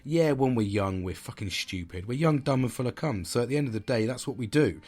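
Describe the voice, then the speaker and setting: A man's voice: medium pitch, lively intonation, a little fast, darkish tone. A man in his forties hosting a casual solo podcast, blunt and reflective, swearing a lot and rambling as he thinks aloud. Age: 40s. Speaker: podcast host. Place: sitting at home.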